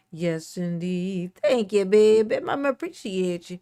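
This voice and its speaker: A woman's voice: mid-range voice, expressive, measured pace, few pauses, dark tone, clean tone. Playful drawling woman livestreamer. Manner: playful, greets chat viewers by name, sings snippets. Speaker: livestream host. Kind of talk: casual livestream chat.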